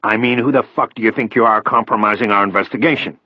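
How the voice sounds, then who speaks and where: A man's voice: on the low side, fairly even intonation, quick pace, dry recording, dull audio, voice pushed up, natural voice. Man doing a bullying, menacing federal agent. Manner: taunting, threatening.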